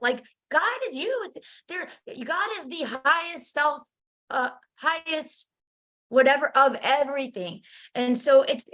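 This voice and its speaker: A middle-aged woman with a slightly raised voice recounts a spiritual experience in loose, chatty talk. She stumbles, restarts and acts out her own lines with lively energy. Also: high-pitched. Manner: animated, many fillers and restarts, acts out her own quotes. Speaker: guest telling her near-death experience. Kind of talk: casual spiritual storytelling.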